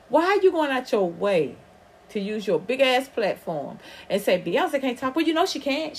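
A podcast host from the American South with an Atlanta drawl runs a casual livestream, rambling and swearing freely. Her voice sits high with big pitch swings and a breathy edge, at normal speed.

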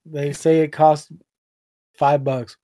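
Male game master, plain and matter-of-fact, a bit high. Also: flat delivery, slow pace, dark tone, dry recording, clean studio sound. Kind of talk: running a tabletop game.

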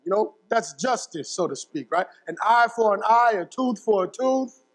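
A man's voice: high-pitched, lively intonation, normal speed, in a large hall. A young man preaching a sermon, telling a family story with asides and frequent checks of "right?" to his listeners. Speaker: pastor.

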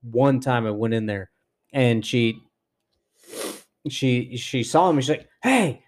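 A man's voice: mid-range voice, takes it slowly. A young man co-hosting a casual chat with friends, telling a work story with lots of swearing and acted-out quotes. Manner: profane, animated storyteller acting out quotes. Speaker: podcast co-host.

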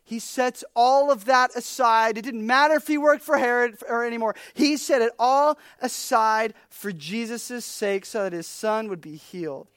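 A woman preaching a casual, humorous sermon, chatty and animated, with many fillers. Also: on the high side, normal speed, hardly any pauses, smooth, dry recording, studio quality. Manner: chatty, animated, uses lots of "like".

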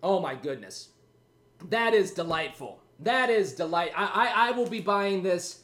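A man's voice: high-pitched, expressive, a little slow, a bit bright. A man hosting his own podcast alone, rambling and joking at his own expense, a bit winded. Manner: rambling, jokey, self-mocking. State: out of breath. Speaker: podcast host. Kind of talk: casual solo podcast chat.

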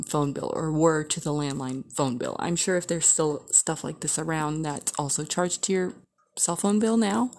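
Woman vlogger, a bit low-voiced, casual rambling storyteller. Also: darkish tone. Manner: rambling, chatty, frequent "like" fillers.

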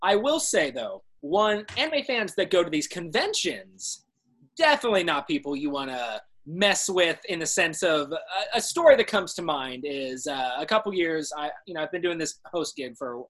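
A man's voice: a little high, expressive, normal speed, fairly bright tone. A man hosting an interview, mostly giving short agreeing replies. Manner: brief agreeing responses. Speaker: host. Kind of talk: casual interview chat.

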